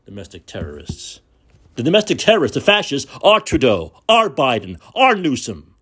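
A man's voice: medium pitch, huge pitch swings, normal speed, a bit bright, husky. A man hosting a podcast, delivering an angry, profane, sarcastic political rant and repeating words for emphasis. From United States. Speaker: podcast host.

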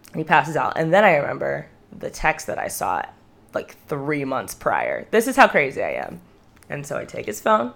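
Twenties woman podcasting, low voice with lots of fry, candid and self-mocking, swears a lot. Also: fairly bright tone. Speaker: podcast host. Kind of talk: casual confessional storytelling.

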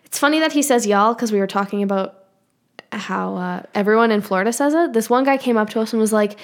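A woman's voice: medium pitch, quick pace. A woman co-hosting a podcast in casual chat, reading listener emails aloud with wry, dry teasing. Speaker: podcast co-host reading fan mail.

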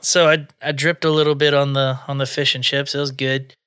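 A man's voice: mid-range voice, level tone, a little fast, fairly bright tone, smooth, no echo, clean studio sound. A man co-hosting a podcast, chatting loosely, swearing and laughing often. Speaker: podcast co-host. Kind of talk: casual chat.

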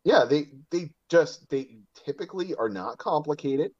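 A man guesting on a casual hobby podcast, relaxed and enthusiastic, laughing easily. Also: a little high, moderate pace, no room sound, muffled recording.

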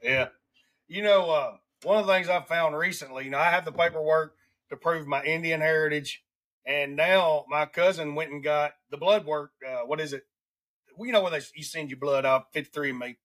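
Rambling Southern man, high voice. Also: a bit bright. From Alabama. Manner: rambling, restarts often, drawn-out emphasis. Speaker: podcast host. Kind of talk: casual podcast chat.

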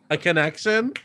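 A man hosting a casual chat, animated and laughing often, slipping into quoted voices. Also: high voice, no room sound, studio quality. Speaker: podcast host and theater performer.

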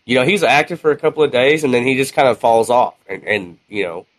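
A man tells a story from his gaming community in a loose, chatty way. He laughs often and keeps the telling lively. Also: mid-range voice, fast talker, dry recording, poor audio. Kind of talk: casual storytelling.

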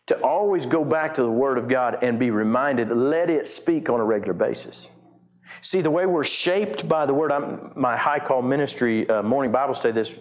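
Man preaching a conversational sermon. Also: mid-range voice. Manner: conversational preaching with many restarts and repetitions. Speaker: pastor.

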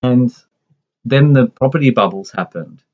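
A man in his forties, at a middle pitch, recounts a family memory in relaxed conversation. He rambles, restarts and drifts into asides. The sound is dull and lo-fi. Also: a little slow. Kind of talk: casual conversational storytelling.

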